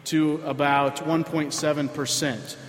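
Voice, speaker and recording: A man, a pastor giving a sermon in a conversational way with frequent filler pauses. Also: a little high, little pitch movement, slight background noise. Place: church sanctuary. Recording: roomy hall with long reverb.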